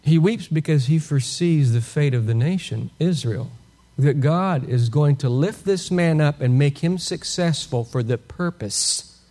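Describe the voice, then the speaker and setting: A man preaching an expository sermon with a fairly high voice. He teaches in an animated way, firing rhetorical questions at his listeners and chuckling now and then. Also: a little slow.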